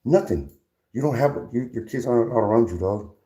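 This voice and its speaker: A man's voice: mid-range voice, expressive, a little fast, dark tone. A middle-aged man on a livestream, confrontational and heated, stammering through restarts and saying "dog" after nearly every sentence. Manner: confrontational, repeats "dog" constantly; stammering restarts when worked up.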